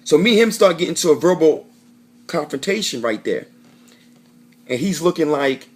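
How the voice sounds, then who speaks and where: Casual vlogger, a man with a slightly higher voice, talks loose and profane and keeps correcting himself. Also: normal speed, pauses often, breathy edge. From Florida. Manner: rambling, profane, self-correcting. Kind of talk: casual storytelling monologue.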